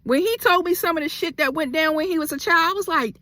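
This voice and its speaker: A woman's voice: extremely high pitch, quick pace, bright, forceful tone, dry recording. A young adult woman in a heated storytime vlog, talking bluntly. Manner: blunt, heavy cursing, heated. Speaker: vlogger.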